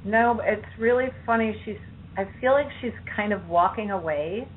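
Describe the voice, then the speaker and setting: A woman client hesitantly recounting a childhood memory, with pauses and fillers. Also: mid-range voice, a little hiss or hum. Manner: hesitant, halting, many fillers. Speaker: client in a demo session. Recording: tinny phone line.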